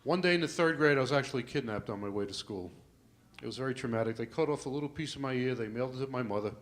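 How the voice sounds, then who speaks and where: An older man doing a stand-up comedy set in a club, telling stories with asides to the crowd and getting louder for the punchlines. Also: mid-range voice, rapid-fire. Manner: storytelling with asides to the crowd, rising loud for punchlines.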